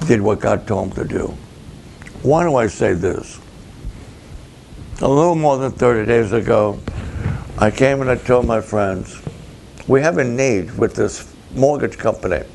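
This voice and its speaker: A pastor speaks in a slow, deliberate cadence, his voice carrying a gravelly rasp. He tells his story dramatically, stepping into each person's voice as the conversation unfolds. A faint rumble hums behind him. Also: darkish tone. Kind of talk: storytelling sermon to camera.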